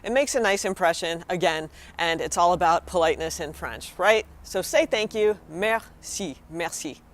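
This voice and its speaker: A woman's voice: on the low side, normal speed. An American woman, a young adult, chatting casually to viewers as she teaches everyday phrases. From United States. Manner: chatty and encouraging, addresses viewers directly. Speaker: vlogger teaching French phrases. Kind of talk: casual vlog lesson.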